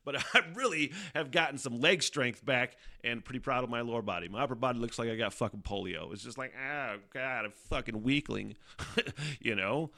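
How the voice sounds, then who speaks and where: Lively profane man rambling on a podcast. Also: medium pitch, brisk. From Northern Michigan. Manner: profane, rambling, laughs often. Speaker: podcast host. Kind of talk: casual rambling monologue. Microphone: studio microphone.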